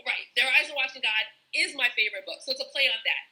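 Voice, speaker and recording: A woman's voice: high voice, fast talker, sharp tone, rough recording. A woman who writes children's books, chatting casually on a live video stream, with many restarts and fillers. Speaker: children's book author. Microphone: phone or laptop on a live video stream.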